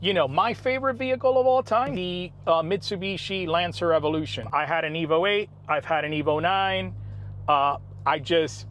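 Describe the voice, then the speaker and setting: A man in his thirties chatting casually about cars while driving, relaxed and rambling but enthusiastic. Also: high-pitched, normal speed. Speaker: car vlogger. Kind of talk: casual driving vlog chat. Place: inside a car on the road. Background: car engine and road noise.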